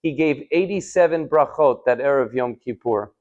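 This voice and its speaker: A man, a rabbi, giving a live Torah class, telling stories with rhetorical questions and Hebrew terms, swinging from loud to hushed. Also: medium pitch, normal speed, highs cut off. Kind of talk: live sermon with storytelling. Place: synagogue hall.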